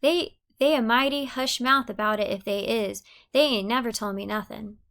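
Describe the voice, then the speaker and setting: A woman's voice: a little high, normal speed, a bit bright. A woman reading as coy young Daisy.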